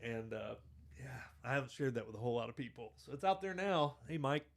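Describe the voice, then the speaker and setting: A man's voice: medium pitch, expressive, fast. A man hosting a podcast, telling stories in a rambling, self-deprecating way and laughing through them. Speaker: podcast host. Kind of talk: casual storytelling chat.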